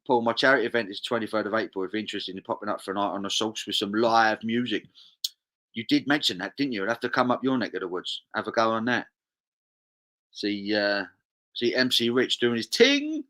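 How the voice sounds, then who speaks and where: A man's voice: on the low side, a bit bright. A young man, hosting a charity live stream, casually reading viewer comments aloud and chatting along.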